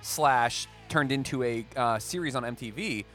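A man co-hosting a casual podcast chat, rambling and excitable, quick to joke about himself. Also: medium pitch, over loud music. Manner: rambling, excitable, self-deprecating. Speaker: podcast co-host.

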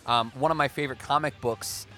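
An excitable man co-hosts a laid-back podcast, rambling from one tangent to the next. He talks at a quick clip in a bright, forward voice, with faint music underneath. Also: mid-range voice. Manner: rambling, excitable, self-deprecating. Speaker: podcast co-host. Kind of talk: casual chat.

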